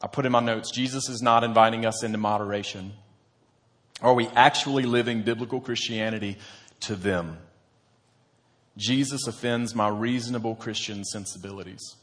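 A man's voice: on the low side, fairly even intonation, normal speed, a bit bright. A man, a church pastor, preaching a sermon in an earnest, conversational storytelling manner.

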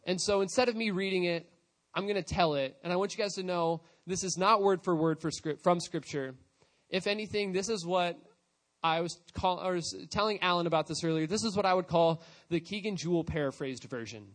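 A man with a high voice preaches in a relaxed, conversational way. He retells a scripture story in his own words, slipping into quoted lines as he goes. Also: a little fast. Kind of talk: storytelling sermon.

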